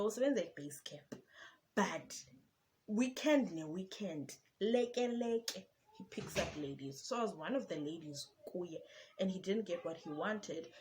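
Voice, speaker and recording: Lively South African woman, storytime vlog. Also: mid-range voice. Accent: South African, Xhosa. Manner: animated, switches between English and Xhosa. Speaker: vlogger.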